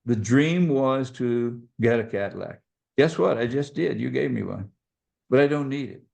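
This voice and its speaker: A man voicing a calm, plainspoken elderly father who talks in a measured way. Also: mid-range voice, creaky.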